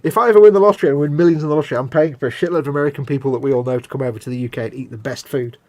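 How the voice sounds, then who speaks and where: Man, casual gameplay chat, jokey, talks fast. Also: medium pitch, no room sound. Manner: rambling, jokey, animated.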